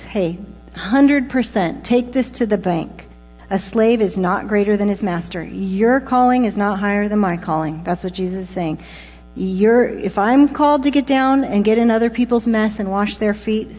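Woman, preacher, casual conversational sermon, informal asides, mellow tone, long hall reverb. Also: medium pitch. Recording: long reverb with mains hum.

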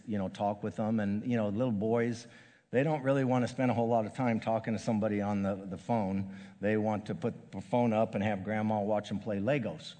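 An older man delivering a sermon in a low voice, stopping and repeating words as he gathers himself. His speech often sinks to a hushed softness. The sound carries a long reverb, as from a large hall. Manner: halting, repeats and restarts words, grows hushed and soft. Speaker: pastor.

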